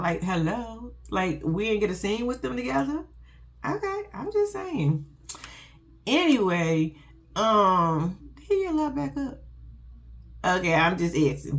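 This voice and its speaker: A woman chatting casually as she recaps a show for her viewers. Her pitch swings widely and she sounds animated. She swears freely and throws in frequent asides straight to the audience. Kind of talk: casual chat.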